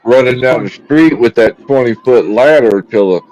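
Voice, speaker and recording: A man's voice: mid-range voice, normal speed, darkish tone, poor audio. A man in a casual chat who keeps his remarks short.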